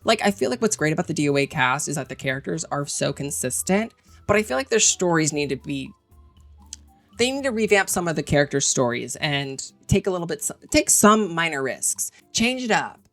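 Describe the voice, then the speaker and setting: A woman with a low voice talks through her favorite game characters in a chatty, gushing way, full of fillers. Soft music plays faintly behind her. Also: very animated, fairly quick. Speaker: video creator ranking game characters. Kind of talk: casual enthusiastic commentary.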